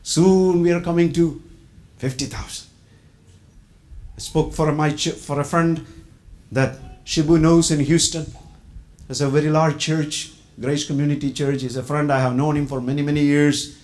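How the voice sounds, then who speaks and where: A middle-aged man from India giving a sermon testimony, telling his story with loud quoted lines and low asides. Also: steady tone, normal speed, pauses often.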